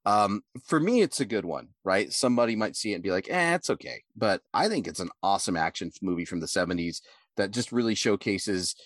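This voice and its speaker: A man's voice: deep voice, lively intonation, a little fast, no room sound, clean studio sound. A man co-hosting a podcast in casual, profane talk, rambling through a story and acting out quotes in a raised voice. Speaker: podcast co-host.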